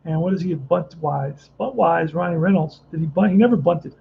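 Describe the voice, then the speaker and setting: A man's voice: a little high, normal speed, vocal fry, phone-quality sound, slight background noise. A man casually narrating a tabletop baseball replay, thinking aloud and rambling with frequent restarts. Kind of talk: casual play-by-play and chat.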